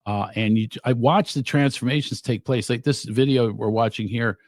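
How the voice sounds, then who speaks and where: A man's voice: medium pitch, moderate pace, no room sound, studio quality. A middle-aged man, a guest comedian, chatting on a podcast and acting out quotes with animation. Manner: animated storyteller, acts out quotes. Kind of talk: casual podcast chat.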